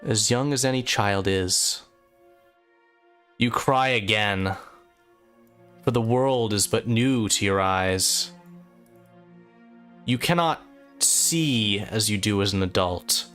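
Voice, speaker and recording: A man narrating a tabletop fantasy game as game master, telling a dream in measured second-person storytelling. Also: on the low side, a bit bright, soft background music. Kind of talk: slow, atmospheric tabletop narration.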